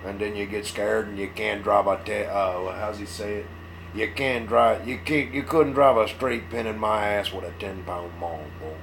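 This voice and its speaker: A man's voice: on the low side, steady tone, moderate pace, creaky, fairly bright tone, slight background noise. Hungover, folksy man rambling. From Mississippi. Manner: rambling, self-mocking, folksy. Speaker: model-building live streamer. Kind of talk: casual live stream chat.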